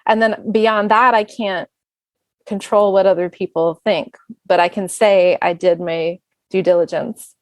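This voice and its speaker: A woman who is a singer and bandleader, chatting as a guest in a relaxed, reflective way. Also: mid-range voice, unhurried, no room sound. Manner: chatty, reflective, speeds up when listing plans. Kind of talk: casual conversation.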